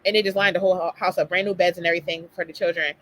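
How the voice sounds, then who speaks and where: Fast-talking woman hosting a live talk. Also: lowish voice, a little hiss or hum, rough recording. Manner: animated, emphatic, talks straight to listeners. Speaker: host of a live talk stream. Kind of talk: casual motivational talk.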